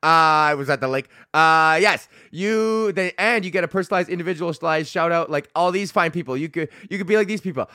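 A man's voice: fairly high pitch, a little fast, hardly any pauses, sharp tone, smooth, no echo. Profane rambling male podcast host, dry sound. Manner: profane, rambling, laughing asides. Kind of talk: casual ranting monologue.

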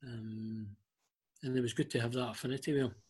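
A Scottish man with a husky, slightly breathy voice speaks at an ordinary middle pitch. He tells personal stories in an unhurried way, often stopping on ums and starting sentences over. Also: steady tone, a little mellow. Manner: halting, with frequent ums and restarts. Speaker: interview guest. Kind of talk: emotional storytelling interview.

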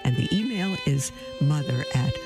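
A woman hosting a call-in radio show, telling stories in an animated way and acting out the voices of the people in them. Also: low-pitched, moderate pace, music in the background. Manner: animated, acts out quoted voices, laughs often.

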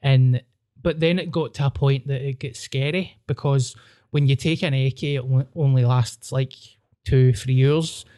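Animated sweary Glaswegian man. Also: mid-range voice, moderate pace, smooth. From Scotland. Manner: animated, sweary, acts out voices. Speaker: podcast host. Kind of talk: casual storytelling chat.

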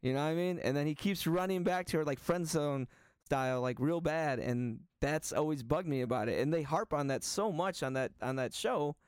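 A man co-hosting a casual podcast chat, rambling and animated, swearing freely as he rants. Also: fairly high pitch, normal speed, clear, resonant tone, no echo, studio quality. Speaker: podcast co-host.

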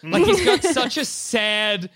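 Playful high-voiced Australian man. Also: sing-song, slow pace, fairly bright tone, husky. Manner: playful, laughing, acts out quotes. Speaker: podcast co-host. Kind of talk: casual group banter.

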